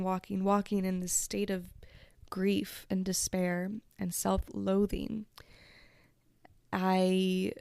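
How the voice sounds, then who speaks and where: A woman hosting a podcast, telling a personal story in a slow, reflective and emotional way, at times close to tears. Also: mid-range voice, vocal fry, darkish tone, dry recording. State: tearful. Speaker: podcast host.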